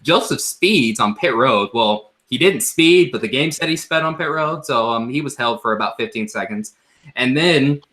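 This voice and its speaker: A man's voice: mid-range voice, expressive, moderate pace, a bit bright. A man hosting a casual podcast, joking around, laughing often and filling gaps with "um". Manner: laughs a lot, loose and joking, many fillers. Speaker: podcast host. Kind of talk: casual chat about sim racing.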